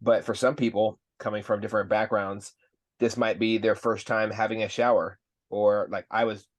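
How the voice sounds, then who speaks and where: A low-voiced man hosts a podcast with easy, upbeat chat. He encourages his guest and swears casually. The room sounds dry and close to the mic. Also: little pitch movement, moderate pace, no echo. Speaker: podcast host.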